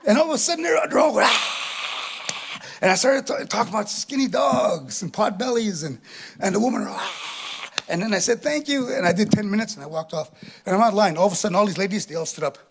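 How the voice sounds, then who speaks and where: A middle-aged man from Canada telling a stand-up comedy story on a theatre stage, animated, chuckling as he acts out voices. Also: high-pitched, fast talker, slightly rough. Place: theatre stage with live audience.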